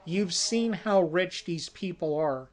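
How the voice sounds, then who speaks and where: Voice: medium pitch, slow pace, natural voice. A storyteller voicing a worried adult sister who stands firm, talking in a defensive, firm way. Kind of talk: casual spoken movie pitch.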